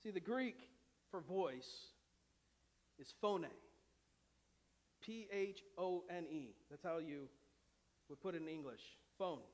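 A man preaching a sermon as pastor, impassioned, moving between loud urgent pleas and quiet, conversational asides. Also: high-pitched, slow, pauses often. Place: church sanctuary. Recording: long reverb of a church hall.

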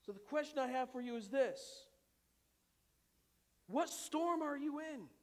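A male pastor preaching a dramatic sermon, dropping to a hush and rising to shouts, with humorous asides. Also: very high-pitched, lively intonation, measured pace. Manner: dramatic, swings from hushed to shouting. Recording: long hall reverb.

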